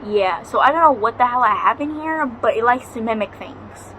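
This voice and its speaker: A young woman vlogs from home near a balcony, telling a ghost story in a chatty, dramatic way and swearing freely. Her voice is fairly high, bright and forceful, with lively intonation at a moderate pace. The recording is rough, with slight background noise.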